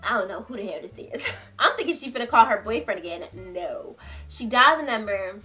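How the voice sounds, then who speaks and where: A woman's voice: mid-range voice, moderate pace, faint music behind. A young woman telling a story to her viewers in casual, slangy talk, acting out quotes and laughing as she goes. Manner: animated, slangy, laughs often, acts out quotes. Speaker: storytime vlogger.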